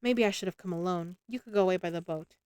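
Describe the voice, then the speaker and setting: A woman voicing a playful, quick-witted young woman in a read-aloud story, close to her own voice. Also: on the low side, a little mellow, smooth, no room sound, natural voice. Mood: teasing.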